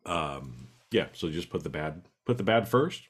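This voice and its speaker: A man in casual conversation, relaxed and profane, breaking into loud laughs. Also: rumbling low, unhurried, breathy edge. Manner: laid-back, swears, laughs loudly. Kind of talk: casual chat.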